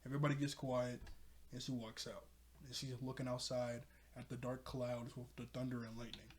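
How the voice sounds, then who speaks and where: A man's voice: mid-range voice, flat delivery, fairly quick. A man giving a casual, chatty episode recap, filling his talk with "like" and laughing often. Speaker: TV episode reviewer.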